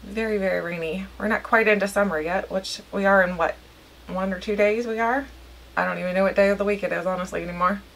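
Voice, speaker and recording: A woman's voice: medium pitch, fairly even intonation, fast, creaky, fairly bright tone. A woman chatting casually to her viewers while doing her makeup, rambling and poking fun at herself. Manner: chatty, rambling, self-deprecating. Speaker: beauty vlogger. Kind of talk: casual get-ready-with-me chat.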